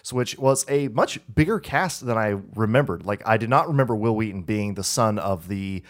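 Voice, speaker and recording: A man's voice: on the low side, animated, moderate pace. A man co-hosting a podcast in casual chat, meandering and correcting himself as he recalls details, laughing easily. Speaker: podcast co-host.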